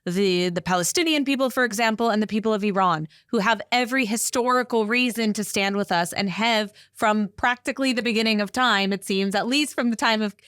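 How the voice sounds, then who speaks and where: A woman's voice: medium pitch, fairly quick, few pauses, fairly bright tone, clear, resonant tone, no room sound, clean studio sound. Thoughtful woman co-host. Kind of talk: interview conversation.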